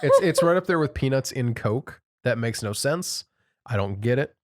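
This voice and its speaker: A man's voice: mid-range voice, animated, normal speed, no room sound, clean studio sound. Easygoing man telling anecdotes. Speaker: podcast co-host. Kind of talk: casual chat.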